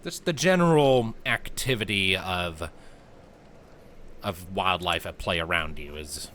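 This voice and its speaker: A man narrating a tabletop game as game master, in a relaxed, descriptive way. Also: sits low, takes it slowly, slight background noise. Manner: relaxed, descriptive, laughs easily.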